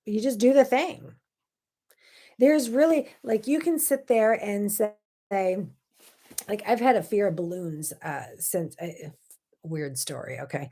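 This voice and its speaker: A woman hosts her morning show on her own, telling a personal story in an easygoing, chatty way. She jumps from quiet asides to sudden loud, fired-up emphasis. Her voice sits at a middle pitch for a woman. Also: animated, slow pace, long pauses, slightly rough. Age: 30s or older. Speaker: host. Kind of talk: casual solo talk show.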